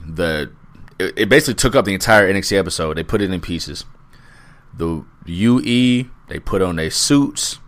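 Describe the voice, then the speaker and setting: A deep, slightly bright male voice belongs to a co-host of a wrestling podcast. He talks in a laid-back, profane way and draws out his recaps.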